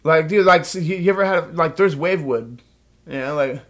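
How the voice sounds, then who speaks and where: A man co-hosting a casual podcast, slangy and loose, calling everyone "dude" and laughing loudly and often. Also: on the high side, brisk. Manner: slangy, says "dude" constantly, frequent loud laughs. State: stoned. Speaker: podcast co-host. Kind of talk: casual chat.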